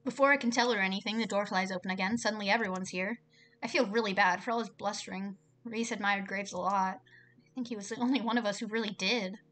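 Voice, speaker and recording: A woman's voice: medium pitch, steady tone, fast, a bit bright. A young woman streaming herself playing a visual novel at home. She reads the game text aloud and breaks off into chatty, exasperated asides.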